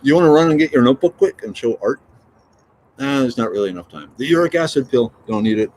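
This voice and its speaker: A middle-aged man hosts a casual morning livestream, joking and reading viewer notes aloud. His voice swings widely in pitch as he rambles along. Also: expressive, fast talker, darkish tone, a little hiss or hum. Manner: chatty, joking, reads out viewer comments. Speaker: livestream host.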